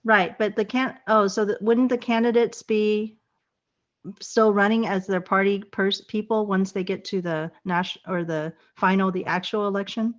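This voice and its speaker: A woman's voice: mid-range voice, fairly even intonation, moderate pace. A woman hosting a podcast, asking a guest questions hesitantly, with many fillers and rephrasings. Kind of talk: podcast interview. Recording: dull lo-fi audio.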